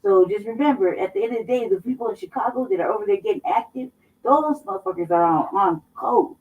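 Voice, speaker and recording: A woman's voice: on the high side, lively intonation, fast talker. A woman from Colorado co-hosting a casual political talk show, blunt and emphatic, swearing heavily as she makes her points. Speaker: co-host. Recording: dull, somewhat distant mic.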